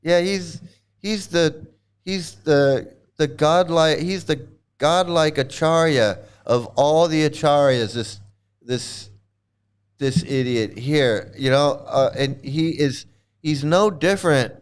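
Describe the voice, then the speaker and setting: A man's voice: a little high, takes it slowly, clean tone. A man hosting a casual livestream chat, rambling and stammering, laughing often and mocking. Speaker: channel host.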